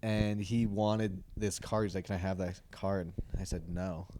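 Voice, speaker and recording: Low-voiced man rambling through anecdotes. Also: fairly even intonation, a little slow, mellow, a little hiss or hum. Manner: rambling anecdotes with filler words and quoted voices. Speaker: comedian co-host. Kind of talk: casual comedic banter.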